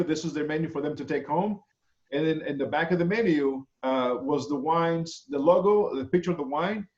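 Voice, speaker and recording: A male culinary instructor with a somewhat high voice talks through student menus over a video call. He pauses often, repeating words and filling gaps with "uh" and "um." The audio comes through roomy and dull, like a low-grade online class recording. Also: a little mellow. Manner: halting, many fillers and repeated words.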